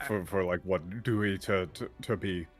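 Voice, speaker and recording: Lower-voiced man musing on translations. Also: moderate pace, soft background music. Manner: thinking aloud, hedging with fillers. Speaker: co-streamer and translator. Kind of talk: casual stream chat.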